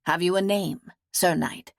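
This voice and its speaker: A kindly, calm nun offers gentle reassurance in a low, even woman's voice, read by an audiobook narrator. The sound is close-miked and dry. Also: a little slow, creaky, no room sound. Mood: gentle, reassuring.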